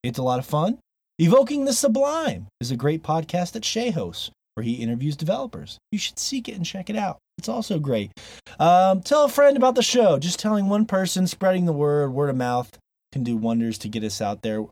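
A man's voice: fairly high pitch, big pitch swings, brisk, a little mellow, no echo. A man hosting a podcast, wrapping up the show in a chatty, playful way. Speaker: podcast host. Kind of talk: casual show wrap-up.

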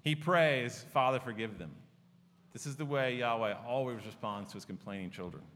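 A man preaching a sermon as a pastor, earnest and often dropping to a hushed, tender tone. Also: mid-range voice, expressive, brisk. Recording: long reverb of a large hall.

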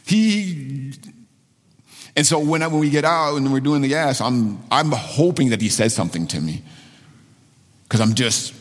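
A man's voice: medium pitch, animated, unhurried, pauses often. A pastor in his forties giving a conversational sermon, telling a personal story candidly and repeating phrases for emphasis. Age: 40s. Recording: long reverb of a large hall.

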